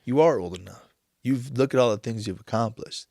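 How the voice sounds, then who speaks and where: A man in his thirties talking on a podcast, emotional and halting, tearing up as he speaks with many restarts. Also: mid-range voice, creaky, a little mellow, no room sound, clean studio sound. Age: 30s. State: tearful. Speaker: podcast host. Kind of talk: casual chat.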